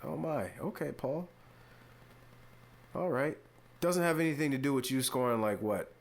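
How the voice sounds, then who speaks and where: Male sports podcast host, mid-pitched, casual and mock-exasperated, playful drawn-out emphasis. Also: animated. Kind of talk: casual opinion commentary.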